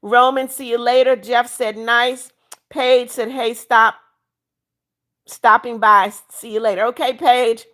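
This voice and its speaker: A woman's voice: a little high, flat delivery, slow pace, fairly bright tone. A woman hosting a casual livestream, reading her viewers' comments aloud and answering each by name. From United States. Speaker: livestream host.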